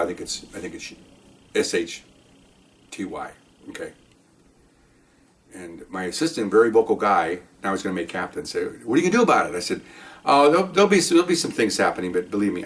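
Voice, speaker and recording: Older ex-cop guy rambling thru a story, quick talker, lowish voice. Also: recorded from a distance. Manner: rambling, animated, keeps adding "okay?". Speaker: retired police officer telling stories. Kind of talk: casual storytelling monologue.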